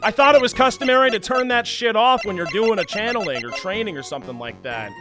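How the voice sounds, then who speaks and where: A man's voice: high voice, lively intonation, fast talker. Joking man narrating a game. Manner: joking, crude, sarcastic asides. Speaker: let's play streamer. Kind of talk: casual gameplay commentary and reading. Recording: game music playing behind.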